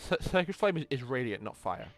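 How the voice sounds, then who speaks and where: A man's voice: mid-range voice, sing-song, faint music behind. Stammering man running a tabletop game. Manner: stammering, quick restarts. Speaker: game master.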